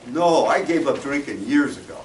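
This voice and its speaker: A man's voice: mid-range voice, expressive, normal speed, roomy sound, recorded from a distance, noisy background, close to an everyday voice. A man voicing a pleading, scruffy homeless man. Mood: flat.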